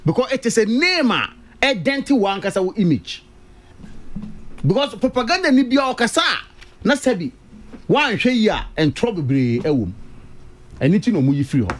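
Ghanaian male radio panelist, high lively voice, hammers his points home. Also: moderate pace, pauses often. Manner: emphatic, repeats key words, mixes English and Twi. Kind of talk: radio political discussion.

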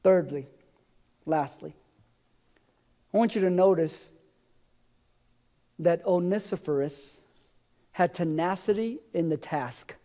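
A man with a very high voice preaching a live sermon in church. He tells personal stories, and his voice often drops low and quiet at the end of a line. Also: takes it slowly, long pauses. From America. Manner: storytelling, dropping low and soft at line ends. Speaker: pastor. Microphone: live-streamed stage mic.

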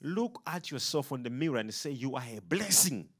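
A man preaching a sermon to a congregation, animated and full of call-and-response questions. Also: mid-range voice, moderate pace, slightly rough.

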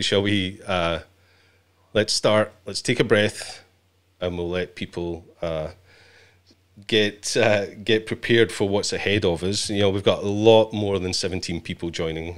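A man's voice: deep voice, fairly bright tone. A man hosting a live stream, chatting playfully with his guest and greeting viewers. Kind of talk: bantering live stream chat.

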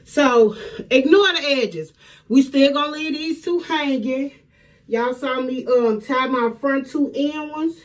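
A middle-aged woman talking casually to her viewers at home, chatty and warm with plenty of y'all. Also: high-pitched, slow. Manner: chatty, addresses viewers as y'all, Southern US speech. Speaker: hair vlogger. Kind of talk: casual vlog chat.

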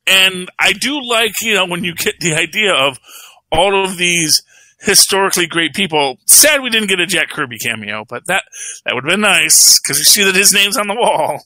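A man's voice: sits high, lively intonation, normal speed, pushed and bright, dry recording, low-quality recording. A man co-hosting a podcast, reviewing films in a rambling, laughing casual chat. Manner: rambling, frequent restarts, laughs often. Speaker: podcast co-host.

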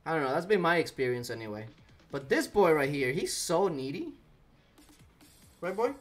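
Animated man chatting on a game stream. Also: a little high, normal speed, faint music behind. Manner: animated, talks to chat and coos to his cat. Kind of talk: casual live-stream chat.

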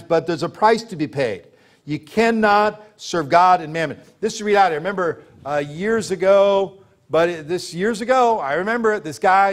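High-voiced emphatic preaching pastor. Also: male voice. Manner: emphatic preaching with rhetorical questions. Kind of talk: sermon.

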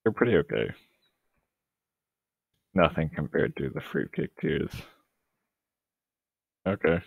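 A man's voice: rumbling low, sing-song, slow pace, creaky, breathy edge, no room sound. A young man, losing his voice, rambling hesitantly and sarcastically through casual gameplay commentary. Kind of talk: casual let's-play commentary. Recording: tinny lo-fi dry mic.

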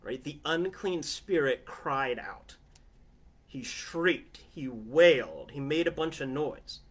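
A man's voice: fairly high pitch, lively intonation, slow pace. A man preaching a sermon from his family living room in a conversational way, often asking listeners "right?". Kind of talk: home sermon.

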